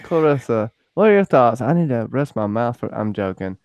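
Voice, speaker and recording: Man shouting out a live chat. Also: mid-range voice, normal speed, smooth, dry recording, lo-fi sound. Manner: lively, joking, shouting out viewers. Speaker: podcast host greeting chat. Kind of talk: casual livestream chat.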